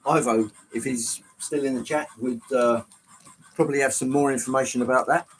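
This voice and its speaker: In this low-quality recording with a little hiss or hum, a middle-aged livestream host chats casually with viewers while he runs and explains model trains on a layout in his indoor hobby room. His mid-range voice stays fairly even in intonation and moves at a fairly quick clip. He's chatty and exclamatory and reads out the chat.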